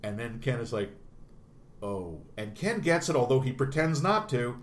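A man's voice: medium pitch, sing-song, moderate pace. A man in a casual film discussion, talking animatedly and acting out the quoted lines. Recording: roomy with faint noise.

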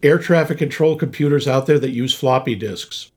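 A man's voice: medium pitch, moderate pace. A man co-hosting a casual movie review podcast, dry and sarcastic as he explains how hacking really works. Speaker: podcast co-host.

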